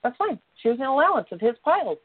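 Animated woman telling a story, tinny line. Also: high-pitched, fast talker, husky, no echo. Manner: animated, acts out quoted voices. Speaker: co-host. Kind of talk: casual storytelling chat.

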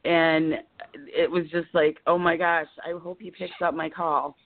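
A woman's voice: low voice, little pitch movement, measured pace, gravelly. Emotional woman in her fifties, phone line. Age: 50s. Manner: rambling, emotional, talks in bursts. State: holding back tears. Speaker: caller. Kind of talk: caller on a live call-in show. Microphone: telephone.

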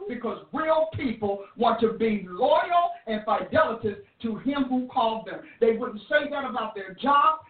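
Woman preacher, emphatic, kinda high voice, sounds far off in an echoey room. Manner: emphatic, preacherly, with repeated restarts. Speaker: preacher and prophetic teacher. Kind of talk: sermon-style teaching. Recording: roomy, distant, phone-like audio.

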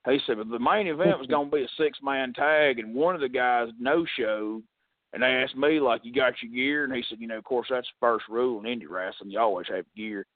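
A man's voice: mid-range voice, a little fast, no echo. A man, casually telling a story as a wrestling podcast co-host and acting out the quoted voices. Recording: dry, phone-like audio.

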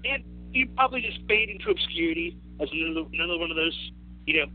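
A man's voice: on the high side, expressive, fast talker, slight background noise. A man co-hosting a casual podcast chat, rambling with frequent restarts and stammers. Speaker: podcast co-host. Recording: tinny phone-like line.

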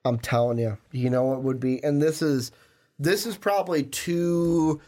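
A young man with a fairly high voice co-hosts a casual pop-culture chat. He talks in an animated, lively way and keeps breaking into playful put-on voices mid-sentence. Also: a little slow. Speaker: podcast co-host.

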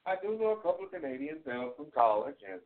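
A man's voice: mid-range voice, very animated, quick pace. A man co-hosting a radio show, rambling through a story in easygoing casual chat. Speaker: radio co-host. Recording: tinny phone-like sound.

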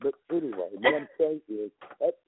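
Over the phone on a radio program, a vocal coach spins a lengthy story in an expressive voice at a moderate pace, with a little hiss or hum in the line. His delivery is emphatic and repetitive, hopping between pitch levels.

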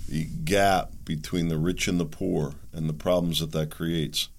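A man's voice: a bass voice, level tone, unhurried, creaky, a little hiss or hum. A man hosting a political commentary show, thinking aloud and hedging his opinions as he talks. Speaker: host.

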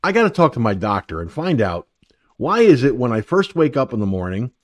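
A man's voice: mid-range voice, very animated, fairly quick. An older man hosting an online talk radio show, joking and rambling crudely about everyday troubles. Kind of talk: casual call-in chat.

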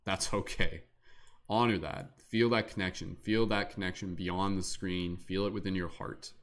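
A man with a deep, low voice leads a guided meditation on a livestream. He speaks slowly and soothingly, in a gentle guiding tone. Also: steady tone. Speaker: meditation leader and show host.

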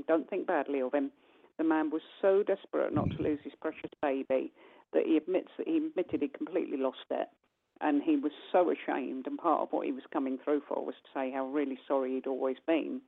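A woman, a guest medium, telling a long personal story on a call-in radio show and acting out the dialogue with animated voices. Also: low voice, vocal fry. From United Kingdom. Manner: animated, acts out quoted dialogue. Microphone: telephone. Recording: tinny phone line.

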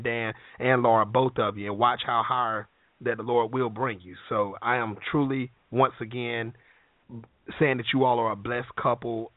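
Encouraging host on a phone line. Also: male voice, medium pitch, no room sound. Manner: encouraging, affirming. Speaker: podcast host. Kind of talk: interview.

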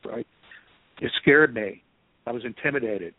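A man, an author guest in an interview, telling a story in an animated, self-deprecating way over a phone line. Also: medium pitch, fairly quick, no room sound. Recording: tinny dry phone line.

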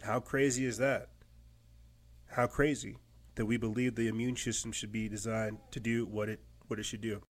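A man hosting his own podcast, talking in a rambling, emphatic monologue and acting out other people's lines in quick mocking voices. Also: fairly low pitch, flat delivery. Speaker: podcast host. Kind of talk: casual monologue.

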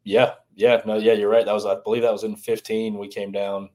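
A man's voice: lowish voice, flat delivery, fairly quick, warm tone. A man from the American South, a former baseball strength coach, talking loosely in a podcast interview with lots of restarts. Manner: rambling, many restarts and "you know"s.

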